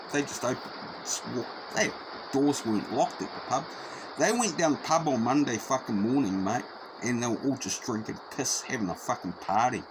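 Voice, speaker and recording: A man telling a story in a rambling, profane, repetitive way. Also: mid-range voice. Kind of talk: casual spoken anecdote. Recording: noisy background.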